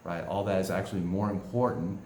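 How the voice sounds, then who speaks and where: A man with a very low voice teaches in an easygoing way, often ending his points with a quick "right?" He sounds like a coach giving a talk. The recording has a roomy echo. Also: fairly even intonation, dark tone, a little hiss or hum. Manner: conversational, keeps asking "right?".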